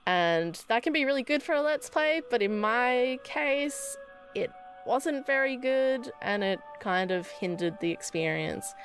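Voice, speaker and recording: A young woman hosts a let's play, reading game text aloud and chatting casually, often laughing and poking fun at herself. Her voice is on the high side and animated, at a measured pace over soft background music.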